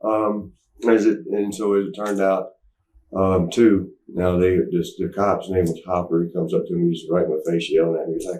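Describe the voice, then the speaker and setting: Low-voiced man telling a rambling story. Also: flat delivery, normal speed, warm tone. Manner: rambling with restarts, acting out quotes, laughing. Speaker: interview guest. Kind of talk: candid storytelling interview. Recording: roomy, mic at some distance.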